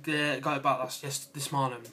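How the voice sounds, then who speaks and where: A young man chatting in a casual, excitable vlog, with lots of fillers, giggles and playful asides. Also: medium pitch, a little fast. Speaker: vlogger. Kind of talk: casual rambling vlog chat.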